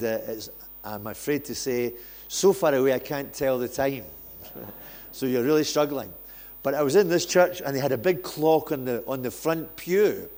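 A man's voice: mid-range voice, a little mellow. Man, guest preacher, joking self-deprecating stories, church sermon. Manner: jokey, self-deprecating storyteller. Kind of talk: sermon with humorous anecdotes.

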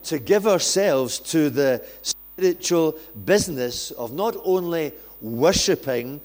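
Male guest preacher, playful and self-mocking, warm-up jokes into prayer. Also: fairly high pitch, expressive, slow pace. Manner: jokey, self-deprecating storyteller. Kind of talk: sermon with humorous anecdotes. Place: church.

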